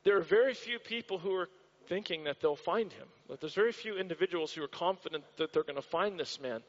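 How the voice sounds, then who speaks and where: American pastor, high voice, repetitive storyteller, muffled church recording. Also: male voice, fast talker. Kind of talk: sermon. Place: church hall. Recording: dull recording with long hall reverb.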